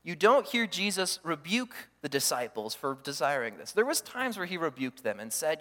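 A man preaching a sermon as pastor, animated, acting out the voices he quotes. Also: high voice, normal speed. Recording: long hall reverb.

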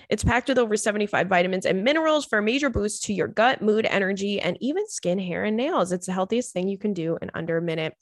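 A young adult woman hosting a podcast, chatting casually and telling animated stories with frequent laughs and swearing. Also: mid-range voice, quick pace, hardly any pauses, no echo, studio quality. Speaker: podcast host reading listener stories. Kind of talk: casual chat.

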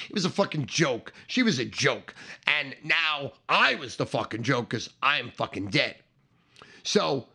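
A middle-aged man telling a profane comic story, animated and swearing, acting out the shouting voices in it. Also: fairly high pitch, vocal fry. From Staten Island, New York.

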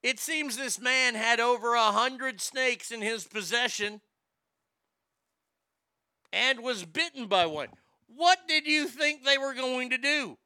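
A man's voice: very high-pitched, slow pace, sharp tone, clean tone, no room sound. A man hosting a show, ranting comedically and sarcastically, often stammering and repeating words. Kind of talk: comedic rant.

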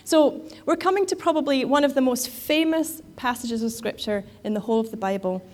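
A woman's voice: high-pitched, fairly quick, darkish tone. A woman giving a sermon in a conversational way, with frequent fillers and restarts. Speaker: preacher.

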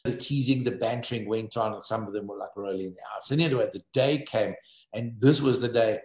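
A man preaches a sermon in a roomy, echoing space. His voice sits at a middle pitch, and he tells stories with emphasis and lively energy. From South Africa. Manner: storytelling, animated and emphatic. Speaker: pastor.

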